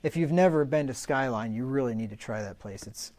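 A man teaching from the Bible, reading verses slowly, then explaining them casually with asides. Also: medium pitch, a little mellow. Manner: reads scripture slowly, then explains in a loose conversational way with asides.

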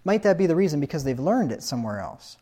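A man's voice: fairly high pitch, sing-song, fast talker, mellow, slightly rough. A man preaching a sermon on child discipline, talking emphatically with frequent rhetorical questions and repeated points.

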